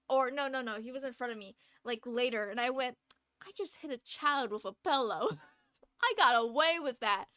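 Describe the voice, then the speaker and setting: A woman's voice: high voice, fairly bright tone, no echo, studio quality. A woman live streamer telling a story in a chatty, casual way, laughing often between phrases. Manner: chatty, lots of fillers and restarts.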